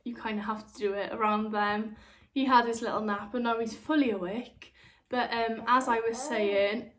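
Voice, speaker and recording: A woman's voice: a little high, fairly even intonation, moderate pace, fairly bright tone. Chatty woman vlogging candidly. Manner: frank and chatty, acts out quoted exchanges in other voices. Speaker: vlogger, new mother. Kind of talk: candid personal chat to camera.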